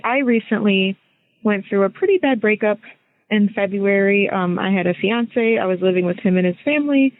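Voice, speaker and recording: A woman in her twenties leaves a casual, rambling voice message for a podcast, hesitating and correcting herself as she goes. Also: medium pitch. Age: 20s. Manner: rambling, hesitant, self-interrupting. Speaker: listener caller sending a voice message. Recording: thin phone-line sound.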